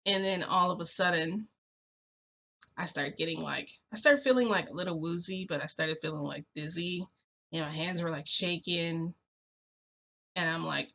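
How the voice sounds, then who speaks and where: A woman's voice: fairly low pitch, normal speed, gravelly, bright, forceful tone. A young woman vlogger telling a story in a rambling way, full of fillers and restarts. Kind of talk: storytime narration.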